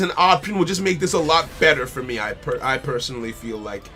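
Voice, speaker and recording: Bright-voiced man thinking aloud over a card game. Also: on the high side, fairly quick, hardly any pauses, husky. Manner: thinks aloud, repeats phrases, talks to the opponent and chat. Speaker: streamer playing a card game. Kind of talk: casual live-stream commentary. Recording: faint music behind the voice.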